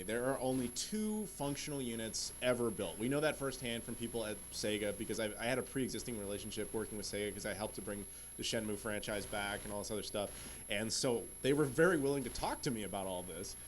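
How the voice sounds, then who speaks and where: A man's voice: on the low side, fast, slight background noise. A man on a convention panel, casually telling a story and animatedly acting out what people said. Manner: animated, acts out quotes of others.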